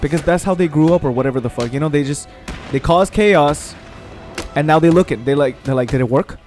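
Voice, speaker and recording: A young man commenting on a video game while ranting in a profane, animated way, swearing freely. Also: fairly high pitch, brisk, soft background music. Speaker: gaming streamer. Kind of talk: casual gameplay commentary rant.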